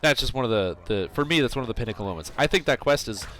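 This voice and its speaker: A man's voice: medium pitch, animated, very fast, a bit bright. A man streaming a game, chatting casually in a rambling way with plenty of fillers and self-corrections. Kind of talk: casual chat while playing.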